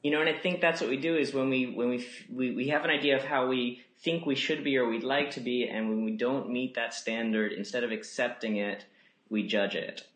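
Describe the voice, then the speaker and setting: A man talks in a gentle, musing way, scattering "you know" through his thoughts as a podcast guest. His voice is bright and forward. The room around him is echoey. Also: medium pitch, fairly even intonation, a little fast. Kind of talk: reflective casual conversation.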